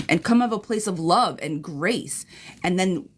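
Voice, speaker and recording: A woman's voice: mid-range voice, moderate pace. Brief: woman, talkative tarot reader, frank and familiar, faint hiss behind her. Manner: chatty, blunt, calls viewers girl and friend. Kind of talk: live-stream reading replay.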